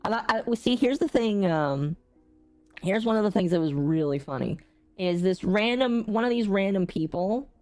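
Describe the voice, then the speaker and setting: A woman streamer rants casually to her live chat. Her voice swings from low mutters to sudden high exclamations. Faint music plays quietly behind her. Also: moderate pace. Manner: animated ranting with big pitch jumps and laughter. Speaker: gaming streamer.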